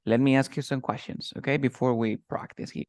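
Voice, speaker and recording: A man's voice: mid-range voice, steady tone, dry recording. Patient male English teacher, dry sound. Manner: patient, repeats words slowly for pronunciation. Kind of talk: conversational lesson, interview practice.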